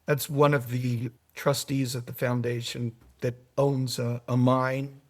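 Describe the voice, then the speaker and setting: A middle-aged man speaking as a podcast guest, telling stories in an animated way, swinging from quiet asides to emphatic points. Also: mid-range voice, a little slow. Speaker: podcast guest, foundation manager. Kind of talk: conversational podcast interview.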